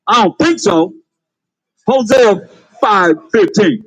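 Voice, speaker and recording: A man's voice: very high voice, animated, measured pace, a bit bright, no room sound, low-quality recording. A man preaching on the street, calling out to passers-by with emphatic, laughing delivery. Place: outdoors on a street.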